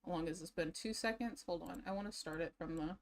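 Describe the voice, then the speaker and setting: A woman's voice: fairly low pitch, brisk. Drained, rambling woman streamer. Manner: rambling, emotional, laughing through sadness. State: tired, drained. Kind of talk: casual livestream chat.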